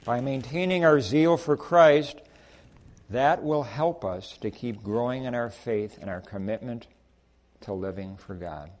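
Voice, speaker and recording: A man preaching a sermon in a church sanctuary, telling stories in an animated way and acting out both sides of short exchanges, then leading a prayer. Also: mid-range voice, a little slow.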